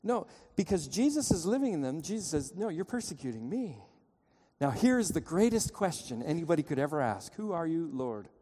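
A man preaching a sermon in a church, with a fairly high but mellow voice. He tells a story and pleads with his listeners, moving between loud passages and quiet ones. A long reverb trails after his words in the sanctuary. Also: big pitch swings, fairly quick, few pauses. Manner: storytelling, urgent pleading, dramatic shifts in loudness. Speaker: pastor.

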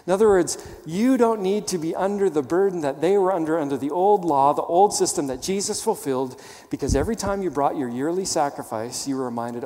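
A man's voice: fairly high pitch, brisk, mellow. Emphatic preacher man, long hall echo. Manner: emphatic, teaching with rhetorical questions. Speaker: pastor. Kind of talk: sermon.

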